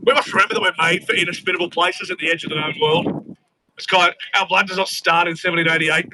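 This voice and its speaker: A man's voice: sits high, noisy background. An Australian man giving a grand, rhetorical rally speech outdoors, building on repeated phrases. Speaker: rally speaker and chant leader.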